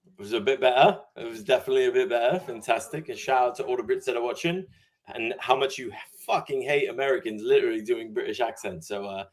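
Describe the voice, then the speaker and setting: A man hosting a live crypto stream, talking in hyped, slangy bursts full of shout-outs. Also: mid-range voice, fast, a crowd in the background. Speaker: host. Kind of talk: casual live-stream chat.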